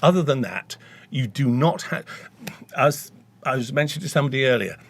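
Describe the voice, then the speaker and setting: A middle-aged man with an English accent speaks in a husky, slightly grainy voice at an ordinary pitch. He talks bluntly and emphatically, leaning on salty idioms as he gives an interview. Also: lively intonation, brisk. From England. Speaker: voice-over artist guest. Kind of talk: podcast interview.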